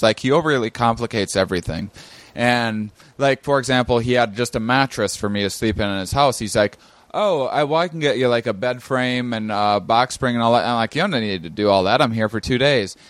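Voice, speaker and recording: A male comedian telling a rambling, animated story in casual chat, acting out the other people in it and laughing often. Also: medium pitch, no room sound. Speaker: comedian guest.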